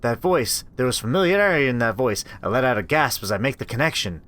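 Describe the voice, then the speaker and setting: A man's voice: mid-range voice, fast. A man reading a horror visual novel aloud, reacting and joking between lines, into a desktop microphone. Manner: expressive, reacts aloud, swears. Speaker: let's play host.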